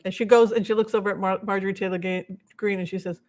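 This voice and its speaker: A woman's voice: mid-range voice, steady tone, fast talker, few pauses. A woman hosting a casual live stream as a tarot reader, chatting in a rambling way with many asides while she answers viewers' questions and thanks donors.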